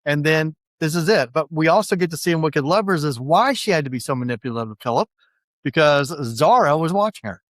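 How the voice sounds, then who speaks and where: A man recapping chapters for a book-club podcast in a chatty, rambling way, slipping into quoted lines. His voice sits a little high. The sound is close and dry. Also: lively intonation, fast talker, a bit bright, dry recording. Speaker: podcast host.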